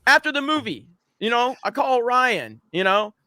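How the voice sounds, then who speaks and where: A man's voice: very high voice, sing-song, normal speed, pushed and bright, dry recording, studio quality. A man hosting a podcast in casual chat, laughing often and swearing freely. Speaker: podcast host.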